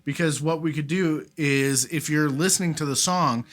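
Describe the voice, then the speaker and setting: A man giving a casual beginner guitar lesson, chatty and relaxed, counting out rhythms. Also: fairly high pitch, moderate pace. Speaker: guitar teacher. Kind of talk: casual instructional talk. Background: guitar playing.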